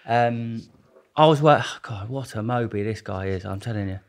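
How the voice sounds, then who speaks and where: This is a casual storytelling interview where a young male guest tells rambling, slangy stories full of swearing and restarts. He speaks at a moderate pace in a fairly low voice.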